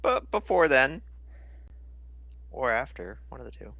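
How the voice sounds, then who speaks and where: Goofy man with a bright voice. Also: medium pitch, big pitch swings, a little slow, vocal fry, dry recording, highs cut off. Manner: goofy, joking. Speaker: player. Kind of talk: casual tabletop game banter.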